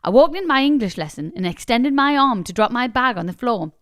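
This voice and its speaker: A young woman co-hosts a podcast and reads a listener's story aloud. Her voice sits a little high and moves a lot in pitch as she lays on the drama. The sound is dry and close, with no room around it. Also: brisk, no echo. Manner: expressive, laughs often. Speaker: podcast co-host. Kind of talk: casual chat, reading a listener story aloud.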